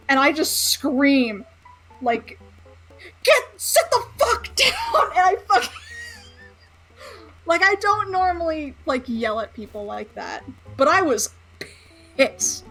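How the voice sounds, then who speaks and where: A young woman tells a story in a casual, rambling way, swearing freely and breaking into laughter. Her voice sits a little high. Faint music plays behind her. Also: a bit bright.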